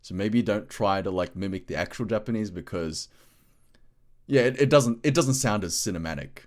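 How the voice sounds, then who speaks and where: A man's voice: fairly low pitch, moderate pace, darkish tone. A man co-hosting a podcast in casual chat, rambling and filling his talk with "like". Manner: rambling, full of "like" fillers. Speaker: podcast co-host.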